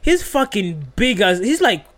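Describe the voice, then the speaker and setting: A young man hosting a podcast, recapping a reality show in an animated, profane way full of fillers. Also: high-pitched, measured pace. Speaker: podcast host.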